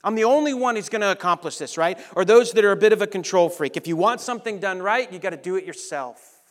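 A man delivers a sermon in a high, bright-toned voice. He preaches with lively energy, then drops to hushed, soft lines to make a point. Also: quick pace. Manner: animated preaching, dropping to soft near-whispers on key lines. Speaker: pastor.

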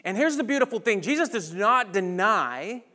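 A man delivers a sermon in a high, bright-toned voice. He preaches with lively energy, then drops to hushed, soft lines to make a point. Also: moderate pace. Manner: animated preaching, dropping to soft near-whispers on key lines. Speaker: pastor.

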